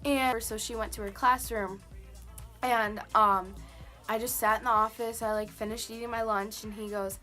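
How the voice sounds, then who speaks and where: A woman's voice: a little high, fairly even intonation, normal speed, pushed and bright, faint music behind. A young woman chatting casually to the camera, telling a personal story with many "like" and "um" fillers. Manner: chatty, lots of "like" and "um". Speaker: vlogger.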